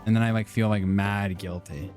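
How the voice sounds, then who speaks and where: A man's voice: on the low side, fairly even intonation, normal speed, a little mellow, soft background music. A young man streaming a game and chatting casually with viewers, rambling with lots of fillers and self-deprecating asides. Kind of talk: casual gaming stream chat.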